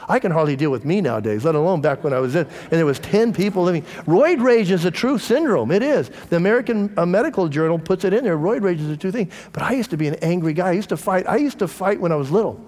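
A man's voice: on the high side, expressive, very fast, few pauses, a little mellow, in a large hall. A middle-aged man and pastor, preaching a conversational sermon and telling candid personal stories to his congregation. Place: church.

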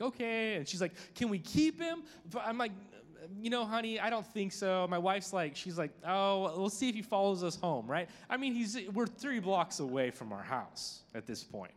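A man in his thirties preaching to a group, telling a personal story in a chatty, self-deprecating way with many fillers. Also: on the high side. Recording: long hall reverb.

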